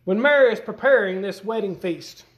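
A man's voice: high voice, expressive, normal speed, lo-fi sound. A man preaching a sermon in a folksy, emphatic way, with rising bursts, to a church congregation. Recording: echoey room.

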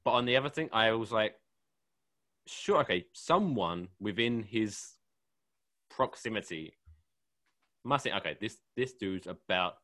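Lively Essex-accented podcast co-host. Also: male voice, on the low side, measured pace, long pauses, no echo, studio quality. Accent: English, Essex. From England. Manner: lively, blunt, swears freely. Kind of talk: casual chat.

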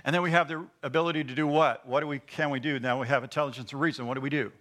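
Bright-voiced man preaching a sermon. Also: mid-range voice, fairly even intonation, very fast. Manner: earnest teaching with rhetorical questions and repetition.

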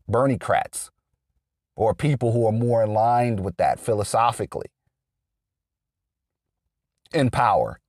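A man's voice: mid-range voice, a little mellow, dry recording, clean studio sound. A man giving an unscripted political monologue, rambling and restarting often with lots of fillers. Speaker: political commentator.

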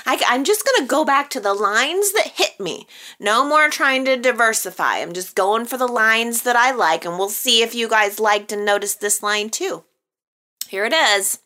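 A woman's voice: a little high, lively intonation, moderate pace, sharp tone. A woman hosting a soap opera chat show, talking casually to her viewers with a chatty, teasing manner and frequent laughs. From American Midwest and Texas. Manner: chatty, laughs often, playful teasing asides.

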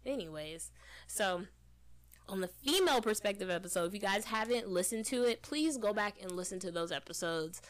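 Brief: woman podcast co-host, medium pitch, casual and earnest, long rambling explanations. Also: lively intonation, a little fast. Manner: chatty, earnest, talks in long run-on explanations.

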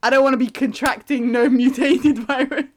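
A young woman talks in a casual podcast chat. Her voice sits a little high. She laughs often and keeps saying "mate". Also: fairly even intonation, moderate pace. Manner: chatty, laughs often, says "mate" a lot. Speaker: podcast co-host.

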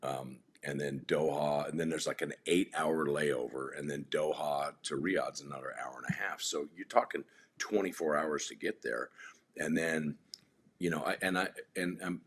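A man's voice: extremely low pitch, breathy edge. A man telling long rambling anecdotes in casual chat as a podcast guest, with frequent restarts.

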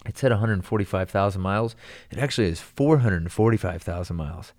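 Man, very deep voice, casual storytelling, rambling, animated, says dude a lot. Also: fast.

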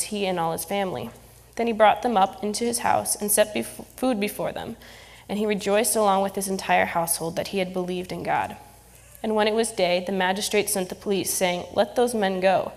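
Woman reading scripture in a church. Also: mid-range voice. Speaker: scripture reader. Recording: long reverb in a church hall.

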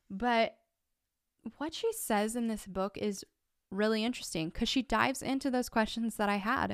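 A woman's voice: a little high, clean tone, no echo, studio quality. A woman in her thirties, a stay-at-home mom, talking earnestly and with emphasis to her listeners. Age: 30s. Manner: earnest, emphatic, rising when pressed. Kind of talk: personal talk to camera.

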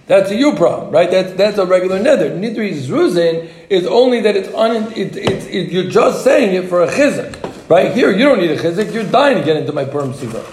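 A man with a high, light voice teaches a casual Talmud class, mixing joking banter with a rapid singsong study chant. The sound is roomy and echoey, like a classroom recording. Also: sing-song, a little mellow, a little hiss or hum. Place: classroom with students. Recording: echoey room.

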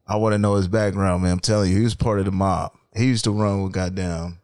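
A man's voice: sits low, steady tone, fast talker, darkish tone. A man co-hosting a casual podcast, bantering bluntly with heavy cursing. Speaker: podcast co-host. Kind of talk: casual chat.

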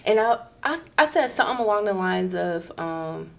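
A woman's voice: mid-range voice, quick pace, creaky, hardly any pauses. A young adult woman in casual chat, telling a story with slang and swearing, often laughing as she talks.

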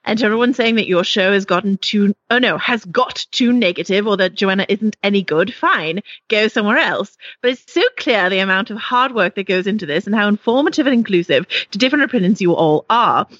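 A woman's voice: mid-range voice, expressive, brisk, few pauses, fairly bright tone, dry recording. A woman putting on a British accent to read out a listener's fan review in a theatrical, mock-formal way. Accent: British, put on. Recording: slightly dull, dry sound.

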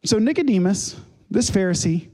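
A man's voice: high-pitched, expressive, moderate pace, a little mellow. A male pastor giving a sermon, retelling a scripture story in a conversational way with casual asides.

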